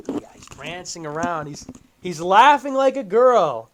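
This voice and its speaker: Mocking livestream host man, high voice, swinging wildly up and down. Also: measured pace, noisy background. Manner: mocking, animated, laughing. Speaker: streamer host. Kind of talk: livestream rant reacting to a video. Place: home streaming setup with green screen.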